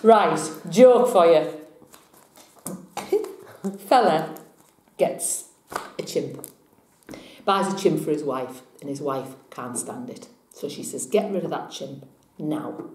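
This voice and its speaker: A woman's voice: deep voice, takes it slowly, pauses often, a little mellow, echoey room, slight background noise. A woman with a chatty, rambling manner, reading tarot cards and telling jokes in a casual vlog. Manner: chatty, rambling, laughing at herself. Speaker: tarot reader and vlogger.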